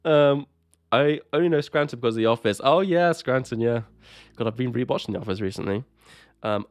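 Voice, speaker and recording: Male podcast co-host, mid-pitched, chatty and jokey, dry close sound on a call mic. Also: brisk, dry recording. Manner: chatty, laughs a lot, swears casually. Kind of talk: casual chat. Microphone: desk microphone on a voice call.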